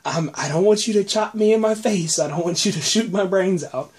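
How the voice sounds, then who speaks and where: A firm, steady woman soothes and pleads with a child in an even, gentle tone. A man is putting her on, with his pitch lifted only a little. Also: brisk, close to an everyday voice. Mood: soothing.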